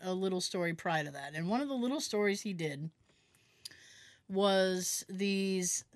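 A woman's voice: medium pitch, a bit bright, dry recording. A woman co-hosting a podcast, chatting casually, laughing often and rambling through explanations. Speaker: podcast co-host. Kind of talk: casual chat.

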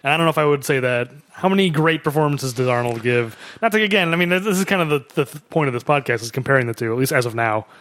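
A man's voice: medium pitch, expressive, fast, few pauses, a bit bright, no room sound. A man co-hosting a casual movie-review podcast, talking in hesitant bursts with frequent restarts. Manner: hesitant, restarts often, chuckles. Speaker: podcast co-host.

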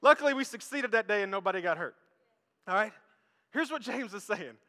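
Man, pastor, sermon, animated storyteller, long hall reverb. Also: high-pitched, brisk. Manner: storytelling, animated, acts out quotes.

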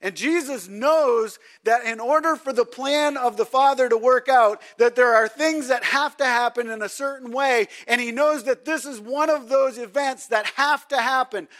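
Guy preaching, really high voice, chatty, keeps asking the crowd stuff. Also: normal speed, hardly any pauses, a bit bright. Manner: conversational, quizzes the listeners. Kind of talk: sermon.

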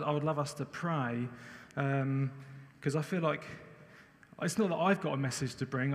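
Croaky-voiced guy preaching, lots of ums, mid pitch, echoey church hall. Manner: conversational, with many fillers and restarts. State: hoarse. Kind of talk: sermon. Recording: long hall reverb.

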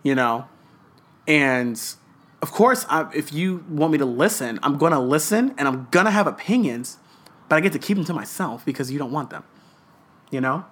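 Guy on a podcast ranting, swears constantly, rough around the edges, really fired up. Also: on the high side, lively intonation, normal speed, fairly bright tone. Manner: profane, passionate ranting. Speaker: podcast co-host. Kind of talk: casual chat.

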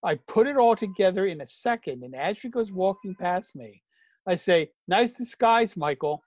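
A middle-aged man telling anecdotes in casual chat, animated and vivid. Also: sits high, normal speed, no echo. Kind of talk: casual storytelling.

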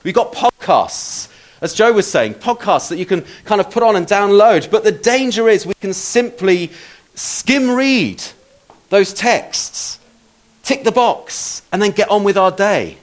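Male preacher, slightly high voice, chatty self-deprecating sermon delivery. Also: big pitch swings, a little slow. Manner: conversational, self-deprecating with asides.

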